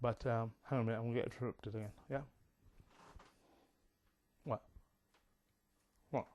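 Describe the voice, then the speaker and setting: Man, casual rambling talker, digressive, lots of "um" and "you know", mid pitch. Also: steady tone, moderate pace, a little mellow, highs cut off. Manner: chatty, digressive, many fillers.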